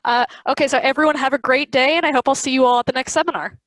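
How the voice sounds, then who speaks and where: A woman's voice: high voice, fairly even intonation, racing, fairly bright tone, no room sound, rough recording. A woman hosting a virtual seminar, out of breath and enthusiastic as she wraps up on a video call. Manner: enthusiastic, laughing. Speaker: seminar host.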